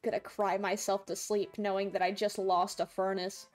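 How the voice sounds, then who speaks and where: A woman's voice: mid-range voice, level tone, moderate pace, faint music behind. A young woman streaming a game live, chatting playfully and laughing a lot while viewers trolls her. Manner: playful, laughs often, squeals when chat trolls her. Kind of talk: live gameplay commentary.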